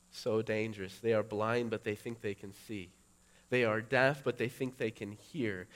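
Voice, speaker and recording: A middle-aged male pastor preaching a sermon, building to loud, emphatic peaks. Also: on the low side.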